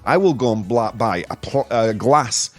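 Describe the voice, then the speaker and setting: Jokey, lively-voiced man hosting a podcast. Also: mid-range voice, moderate pace, soft background music. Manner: jokey and rambling, laughs at his own jokes. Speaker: podcast host. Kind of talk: casual live-streamed news chat.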